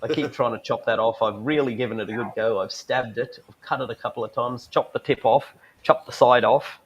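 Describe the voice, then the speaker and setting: A man's voice: mid-range voice, fairly even intonation, a little fast, muffled recording, a little hiss or hum. A man chatting casually, blunt and irreverent, with the occasional swear word. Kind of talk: casual chat.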